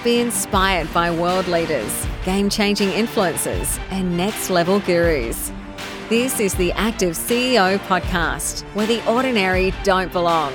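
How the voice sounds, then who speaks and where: A woman's voice: lowish voice, lively intonation, a little slow. A woman announcing a podcast's opening in a polished, emphatic scripted promo. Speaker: show announcer. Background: music.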